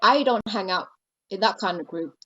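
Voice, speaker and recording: A woman's voice: medium pitch, moderate pace, bright, forceful tone. A woman chatting casually as a podcast guest, blunt and outspoken, swearing freely. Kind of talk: casual chat. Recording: dull lo-fi sound.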